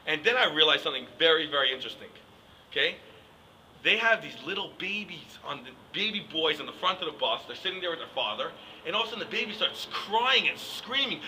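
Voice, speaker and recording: A man's voice: sits high, big pitch swings, fast talker, pushed and bright, slight background noise, poor audio. A young man, rambling through a casual comic rant with many "like"s and "I mean"s. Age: young adult. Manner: rambling, joking, full of "like" and "I mean". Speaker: yeshiva student comic.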